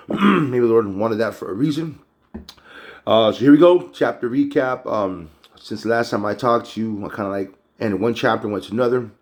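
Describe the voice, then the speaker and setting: A man's voice: lowish voice, moderate pace. A man teaching a casual Bible chapter recap, conversational and a bit preachy.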